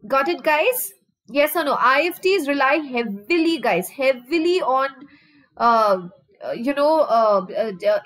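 A woman's voice: sits high, poor audio. A woman teacher with an Indian accent running a live online vocabulary lesson, mixing Hindi and English and keeps asking her students for answers. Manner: drawn-out fillers while thinking. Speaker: online exam-prep teacher.

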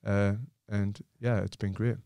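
A man's voice: fairly low pitch, level tone, measured pace, creaky, warm tone, clear, resonant tone, dry recording. A man, a former boxer, telling stories as a podcast guest in casual chat, swearing freely and acting out the lines of the people in his stories. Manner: swears freely, retells dialogue with gusto.

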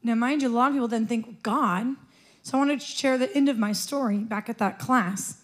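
A woman preaching a sermon in a church, telling a personal story in an animated way and often laughing. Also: a little high, a little fast.

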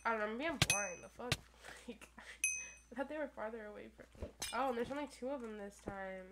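Foul-mouthed young woman gaming. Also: on the high side. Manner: crude, profane trash talk, playful and quick to rant. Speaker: gaming YouTuber. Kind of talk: live gameplay commentary. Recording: noisy recording with keyboard clicks.

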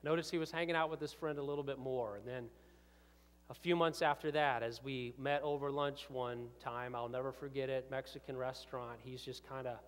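A male pastor telling a personal story in a sermon, often dropping to hushed tones and rising to urgent appeals. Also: medium pitch, fairly even intonation, a little fast. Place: church sanctuary with long reverb. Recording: reverberant church hall.

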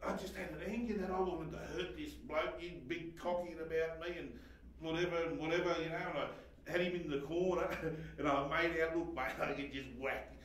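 A pastor gives a heartfelt sermon testimony, his voice running high as he swings from loud outbursts to near-whispers. He is heard from across a very echoey church hall. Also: far from the mic, a little hiss or hum. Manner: emotional, swings from shouting to hushed, laughs often.

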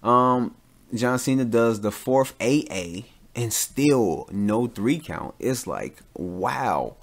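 A man hosting his own podcast, giving casual solo commentary in an animated, rambling rant full of fillers and restarts. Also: mid-range voice, slow. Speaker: podcast host; father.

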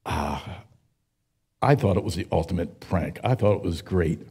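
A man in his seventies preaching a sermon, telling folksy stories with frequent pauses and fillers. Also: deep voice, lively intonation, dark tone, husky. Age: 70s. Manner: folksy storytelling, with many uh fillers. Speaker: pastor.

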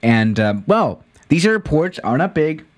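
A man's voice: on the high side, sing-song, unhurried. A man live-streaming a flight simulator, chatting casually with his viewers, often tripping over his words and laughing at himself. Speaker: livestreamer playing a flight simulator.

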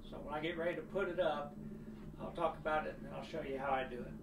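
Here a model railroad hobbyist speaks quickly in a fairly high, steady voice, casually explaining a build by the kitchen table at home. He thinks out loud with plenty of fillers, and his phone camera, occasionally on a tripod, records roomy, distant audio with audible noise.

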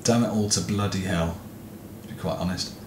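A man's voice: low-pitched, fairly even intonation, normal speed, roomy sound, noisy background. A young man commenting on a horror game as he plays, jumpy and frustrated, swearing often. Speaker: gaming video host.

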